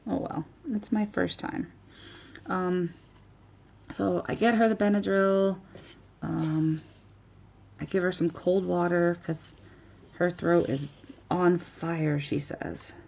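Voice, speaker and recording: A woman's voice: lowish voice, slow, creaky, long pauses, lo-fi sound. Chatty woman telling a story while crafting. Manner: chatty, animated retelling with quoted voices. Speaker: crafting vlogger.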